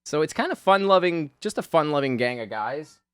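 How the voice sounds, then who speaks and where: A man's voice: on the high side, big pitch swings, a little fast, a little hiss or hum. A man hosting a drawing video, rambling in casual chat, often laughing and swearing offhandedly. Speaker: video host.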